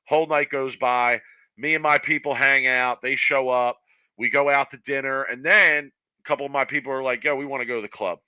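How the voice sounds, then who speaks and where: A man co-hosting a podcast, spinning an animated story and acting out the people in it. His voice is very bright and cutting. It sits close and dry on the mic, with no room sound. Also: medium pitch, a little fast, smooth, dry recording, poor audio. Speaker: podcast co-host. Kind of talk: casual storytelling chat.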